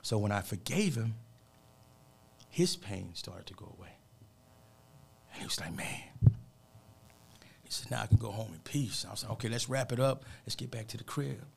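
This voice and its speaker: Gravelly, earnest motivational speaker. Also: male voice, on the low side, animated, a little fast, pauses often, darkish tone. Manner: earnest, preachy, peppers speech with "man". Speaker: motivational speaker, radio guest. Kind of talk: emotional personal storytelling.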